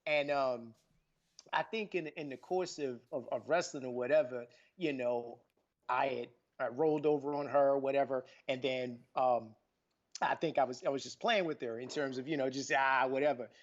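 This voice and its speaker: A man's voice: medium pitch, moderate pace. Rambling male podcast host, dull audio. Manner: rambling, many fillers, grows animated telling a story. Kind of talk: casual podcast storytelling.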